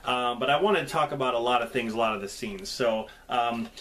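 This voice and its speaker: A man reviewing a film in a casual recap, excitable and often restarting his sentences. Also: mid-range voice, brisk, slight background noise. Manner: excitable, restarts and repeats words. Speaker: movie reviewer.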